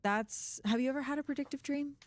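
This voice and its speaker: A woman talking in a relaxed, musing way during a podcast conversation. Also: high voice, quick pace, dry recording.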